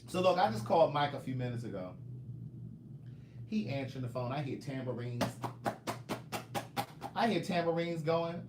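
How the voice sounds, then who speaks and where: A man's voice: a little high, moderate pace, pauses often, reverberant, over music. A man author chatting casually on a live stream, telling stories and teasing his viewers. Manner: animated storytelling, joking, teasing viewers.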